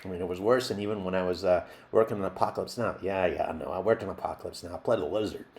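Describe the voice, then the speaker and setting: A washed-up male jackalope actor, played by a man, rambles through a mock documentary interview and keeps losing his train of thought. His voice sits low and rough with a gravelly fry. He talks loosely and wanders off on tangents. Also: steady tone, fast talker. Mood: rambling. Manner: rambling, loopy, easily sidetracked.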